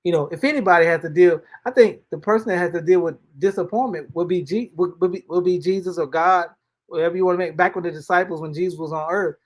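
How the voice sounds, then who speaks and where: A man with a high voice speaks at a quick pace, hosting a casual spoken devotional. He's a host and motivational speaker whose talk is colloquial and folksy, and he often repeats himself and starts over.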